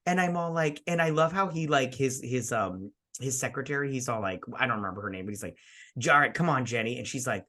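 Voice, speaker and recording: A man in the middle of a loose, boozy movie-review chat, talking at a mid pitch. He rambles and trips over his own words, then jumps into acted-out bits from the film. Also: lively intonation, quick pace, bright, forceful tone. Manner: rambling, repeats words, acts out scenes. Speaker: co-host of a movie review show. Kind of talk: casual chat while drinking.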